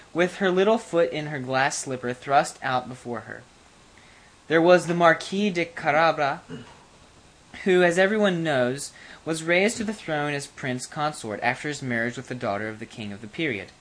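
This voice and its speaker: A narrator reading a fairy tale aloud in an expressive, animated way. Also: mid-range voice, normal speed.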